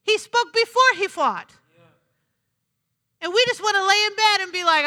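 A woman's voice: very high voice, normal speed, pushed and bright. A woman preaching a sermon in a church, emphatic, repeating her phrases and asking the congregation "Amen?". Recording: long hall reverb.

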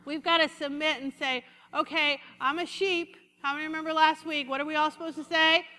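A woman pastor giving a lively, conversational sermon and calling out to her congregation. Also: high-pitched, quick pace, long reverb tail. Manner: lively, conversational preaching with congregation call-outs.

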